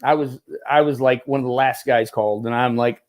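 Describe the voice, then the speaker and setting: A middle-aged man, a former Marine, tells animated stories in a casual interview, laughing often and restarting his sentences. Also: mid-range voice, a little fast. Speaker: guest, former Marine turned film military advisor.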